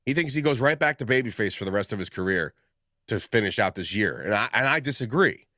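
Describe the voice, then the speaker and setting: A man's voice: fairly low pitch, expressive, fast talker, bright, forceful tone, dry recording, studio quality. A man co-hosting a podcast in casual chat, rambling and acting out quotes in different voices. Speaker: podcast co-host.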